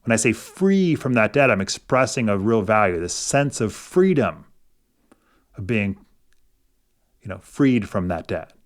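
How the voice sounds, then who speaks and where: A middle-aged man hosting a personal finance video, explaining things in a thoughtful, casual way with gentle coaching and some hesitant restarts. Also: lowish voice, expressive, unhurried, long pauses. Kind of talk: casual explanatory talk to camera.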